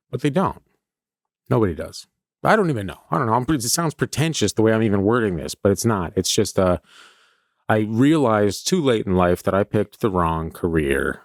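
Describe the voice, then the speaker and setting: A man hosts a comedy podcast as a rambling stream-of-consciousness monologue, mocking himself as he goes. His voice sits low but swings widely in animated bursts. The recording is dry and close. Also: normal speed, no room sound. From California. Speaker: podcast host.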